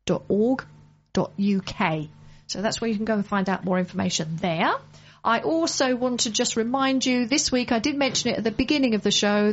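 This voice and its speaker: A woman from the UK hosting a casual radio show, chatting and reminding listeners about charity events. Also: a little high. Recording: muffled lo-fi broadcast audio.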